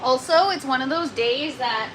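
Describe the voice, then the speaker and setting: A woman's voice: high-pitched, normal speed, a bit bright, a little hiss or hum, poor audio. A Canadian woman chatting casually with viewers on a gardening livestream, self-mocking and laughing often, sounding tired. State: tired from lack of sleep. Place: indoor grow tent.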